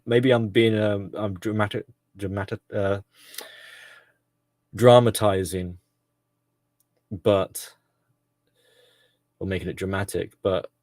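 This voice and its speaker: A man with a fairly low voice, holding forth in a casual solo commentary. He rambles, fills pauses and corrects himself as he goes, recorded dry and close. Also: a little mellow, no room sound. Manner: rambling, frequent fillers and self-corrections.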